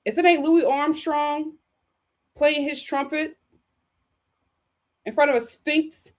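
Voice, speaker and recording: A woman's voice: high-pitched, slow. A woman hosting a livestream, reading viewer comments and giving sassy, emphatic opinions on relationships. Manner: sassy, emphatic, repeats punchlines. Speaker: host.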